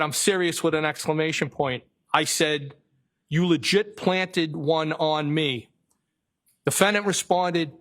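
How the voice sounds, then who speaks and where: A man with a Boston accent, testifying as a trial witness, reading text messages aloud in a flat, halting way and correcting himself as he goes. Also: a little high.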